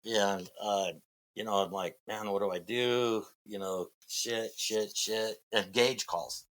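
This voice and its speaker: Man, middle-aged, from Massachusetts, podcast guest, rambling storytelling, low pitch, bright forceful tone. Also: steady tone, slow pace. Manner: rambling, many fillers and restarts. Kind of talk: casual storytelling.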